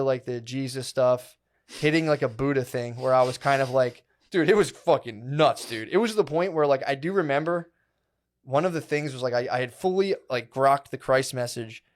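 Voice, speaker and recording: A man co-hosting a podcast tells a long, meandering story at normal speed and medium pitch. His casual storytelling is loaded with profanity and slang, peppered with "dude" and "like."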